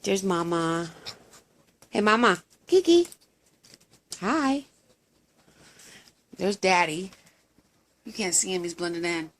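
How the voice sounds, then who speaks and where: A woman's voice: on the low side, animated, slow pace, long pauses. A woman at home talking baby talk to her cats in a casual, cooing way. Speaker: vlogger, pet owner.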